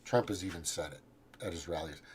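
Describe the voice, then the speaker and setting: A male show host with a low voice talks a little fast, rambling through a profane, casual political rant as he scrolls and reads out his own posts. He keeps restarting and trailing off, and there's a little hiss or hum on the recording.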